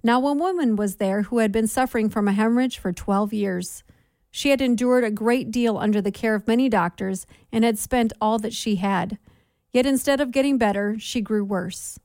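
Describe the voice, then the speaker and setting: A woman reads scripture aloud in a measured, steady way, her voice sitting a little high. The sound is close and dry, with no room around it. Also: dry recording. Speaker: scripture reader. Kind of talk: measured Bible reading.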